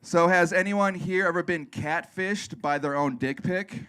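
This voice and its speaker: A man's voice: high-pitched, measured pace, heavy background noise. A man in his thirties from Wisconsin doing a live stand-up set on a comedy club stage into a handheld mic. He is self-deprecating and crude, and he acts out the voices of other people.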